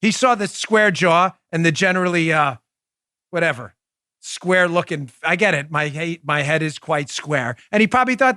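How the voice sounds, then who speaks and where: High-pitched emphatic male podcast host. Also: lively intonation, moderate pace, bright, forceful tone, dry recording, studio quality. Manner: emphatic, sarcastic, puts on voices for others. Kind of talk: animated political commentary.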